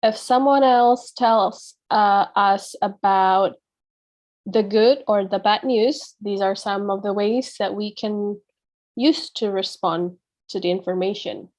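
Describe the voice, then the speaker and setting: A woman's voice: medium pitch, slow, darkish tone. A woman teacher explaining a lesson to her students in a patient, explanatory way, often checking in with "yeah.". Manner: acts out example phrases with a changed tone. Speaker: English teacher.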